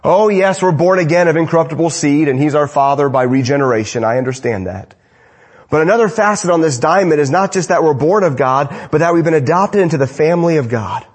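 A man preaching an evening sermon, rising to emphatic lines and dropping to hushed, low endings, repeating phrases for emphasis. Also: fairly quick, slightly rough.

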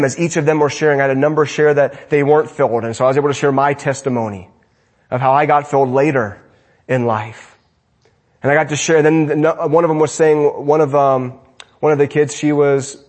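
A man giving a sermon to his congregation in a church, preaching with animated swings between emphatic and hushed lines. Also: medium pitch, fairly quick. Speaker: pastor. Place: church sanctuary.

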